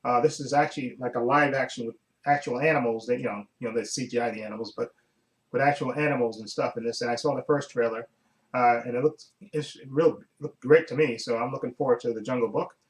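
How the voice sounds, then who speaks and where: A man's voice: medium pitch, fairly even intonation, fast talker, rough recording. A man talking casually through a countdown of upcoming movies, rambling with many fillers and restarts. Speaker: vlogger.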